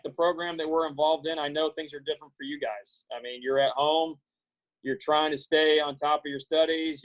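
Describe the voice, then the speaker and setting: Man, forties, from Iowa, fairly high voice, halting and earnest, video call audio. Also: low-quality recording. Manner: earnest, halting, many fillers and restarts. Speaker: guest speaker. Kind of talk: casual talk to students on a video call.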